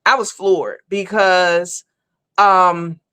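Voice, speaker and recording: A woman's voice: on the low side, fairly even intonation, drawn-out words, a bit bright, smooth, no room sound. A woman hosting a live online show, talking casually and at length to her viewers, calling them honey and baby. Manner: chatty, rambling, addresses viewers as honey and baby. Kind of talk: casual live-stream commentary.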